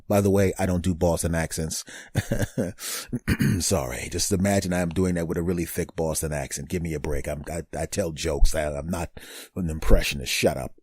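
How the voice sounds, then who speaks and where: A man's voice: sits low, moderate pace, slightly rough, no room sound, studio quality. A fifty-year-old man hosting his own comedy podcast, riffing alone and acting out bits of mock dialogue. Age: 50s. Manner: animated, acts out mock dialogue in bursts; laughs at his own jokes. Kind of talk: solo comedic podcast monologue.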